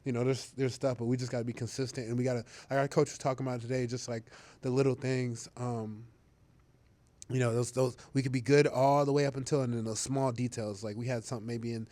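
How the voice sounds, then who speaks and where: A young man chats loosely in an interview, his words full of fillers, repeats and easy laughter. His voice sits at an ordinary middle pitch. The sound is dry and close, with no room around it. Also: fast, no room sound. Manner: relaxed, rambling, lots of fillers and restarts, laughs easily. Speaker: football player being interviewed. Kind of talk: casual interview talk.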